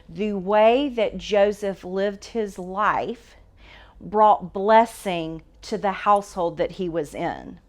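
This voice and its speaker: A woman's voice: mid-range voice, slow, a little mellow. A woman teaching a Bible study to a live group in a church room, talking casually, asking the group questions and correcting herself as she goes. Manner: conversational, asks the group questions, self-correcting.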